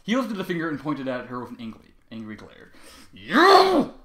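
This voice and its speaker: A man reading a fan fiction story aloud with expressive, dramatic delivery. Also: medium pitch, quick pace, roomy sound.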